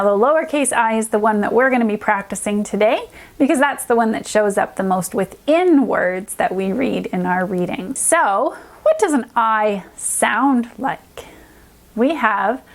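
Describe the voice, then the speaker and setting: A woman who is a reading specialist teaching a children's phonics lesson, sounding out letters slowly and clearly. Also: fairly high pitch.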